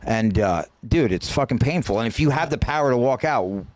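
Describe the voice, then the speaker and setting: A man's voice: medium pitch, animated, brisk. A man tells his story as a podcast guest in a middle-range voice, rambling and swearing. He often restarts and repeats words. The sound is dry, with no room echo. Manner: rambling, profane, many restarts and stammered repeats. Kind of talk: casual storytelling in a podcast interview.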